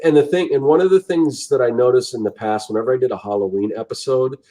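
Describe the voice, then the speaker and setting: A man's voice: medium pitch, fast talker, dark tone, rough recording. A man co-hosting an artists' podcast, talking in a rambling, casual way with many restarts. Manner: rambling, with frequent restarts and trailing phrases. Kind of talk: casual chat.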